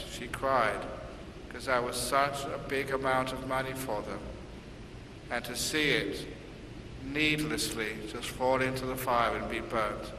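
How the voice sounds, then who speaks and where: A man's voice: medium pitch, background noise. A man, a Buddhist monk, giving a dharma talk with humorous storytelling. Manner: humorous storytelling, laughing at his own jokes. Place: Singapore, large hall. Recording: echoey hall from far off, faint ambience.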